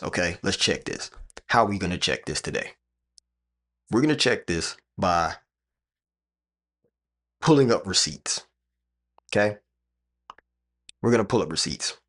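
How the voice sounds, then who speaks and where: A man's voice: lowish voice, measured pace, pauses often, a bit bright. A man streaming live from a room with his computers, talking straight to viewers in an emphatic, repetitive way. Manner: emphatic, repeats phrases, talks straight to chat.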